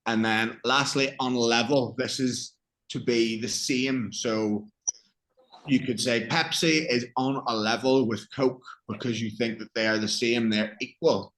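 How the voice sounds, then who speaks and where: This is an English-accented man teaching a lesson at a very unhurried pace. His voice sits at an ordinary middle pitch, and he explains each word patiently in simple terms. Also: fairly even intonation, fairly bright tone, low-quality recording.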